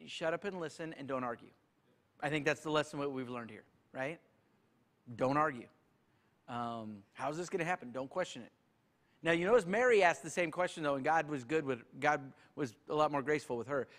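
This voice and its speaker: A man's voice: a little high, a bit bright. A male pastor, leading a church Q&A in a folksy, joking way. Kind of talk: church Q&A teaching.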